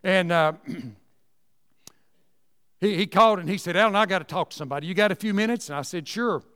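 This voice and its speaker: A man tells church stories in a folksy, repetitive way, his voice pitched high. The sound carries a long reverb, as if from a church hall. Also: a little fast, a bit bright, clear, resonant tone. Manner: folksy storytelling, repeats words, rising emphatic asides. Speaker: Sunday school teacher and speaker. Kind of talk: folksy Southern Baptist teaching talk.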